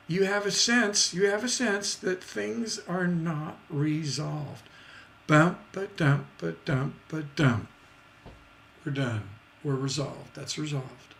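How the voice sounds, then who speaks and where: Gravelly, high, and a bit bright, the man's voice moves slowly as he teaches songwriting over a livestream, with a little hiss or hum in the audio. He's casual, often restarting and using fillers, and he sings rhythms aloud with beat sounds.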